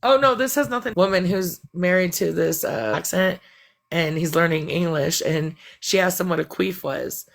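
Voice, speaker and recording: A woman's voice: fairly low pitch, moderate pace, vocal fry. A woman chatting bluntly and profanely on a live stream, rambling as she vents. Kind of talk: casual venting chat.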